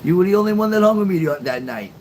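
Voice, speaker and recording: Swearing freely and sarcastic, this middle-aged man hosts a casual late-night livestream, rambling and addressing viewers by name as he responds to chat. He talks fast in a high voice, and the rough recording carries constant background noise.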